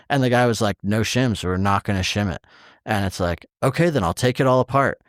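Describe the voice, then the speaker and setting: A man's voice: mid-range voice, no echo, clean studio sound. A man co-hosting a podcast in casual chat, telling an exasperated story with heavy swearing and acting out the quoted exchanges. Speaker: podcast co-host.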